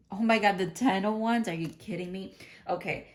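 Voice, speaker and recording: A woman's voice: medium pitch, normal speed. A woman giving a casual spiritual tarot card reading, chatty and giggly, thinking aloud and often restarting her sentences. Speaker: tarot reader.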